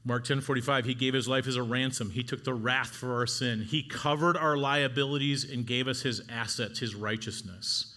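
A man's voice: medium pitch, normal speed, hardly any pauses, bright, forceful tone. A middle-aged man preaching an earnest sermon to husbands, urging them on with rising exhortations. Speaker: pastor.

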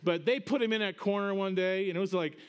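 A middle-aged pastor preaching in a lively, conversational way, his voice sitting high for a man. He pushes up into bright, emphatic peaks as he drives a point home, then drops back to easy storytelling. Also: fast, clear, resonant tone. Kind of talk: sermon.

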